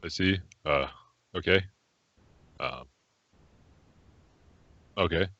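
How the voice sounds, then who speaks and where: Male player, extremely low and bright-edged voice, halting delivery, dry lo-fi audio. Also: creaky, dry recording. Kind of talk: casual tabletop play.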